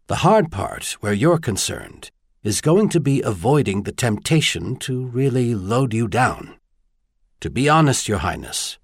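A man's voice: lowish voice, husky, dry recording, studio quality, heavily acted. A man voicing a tall, kindly advisor in an audiobook, earnest and lightly wry.

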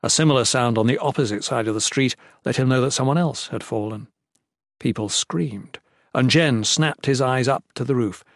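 A man narrating a fantasy audiobook in a steady, measured storytelling manner. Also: medium pitch, gravelly, no echo, clean studio sound.

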